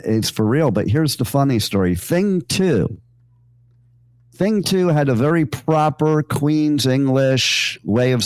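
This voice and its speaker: This radio host has a smooth, darkish, mid-range voice, captured with no room sound. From the studio he tells loose, joking stories on air, wandering off into asides and filling gaps with fillers.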